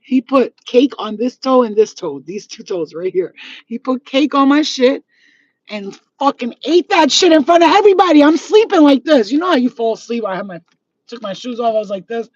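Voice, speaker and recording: A woman hosting her channel, telling stories to viewers in a profane, laughing, animated way. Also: on the high side, lo-fi sound. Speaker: channel host. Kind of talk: casual storytelling to viewers.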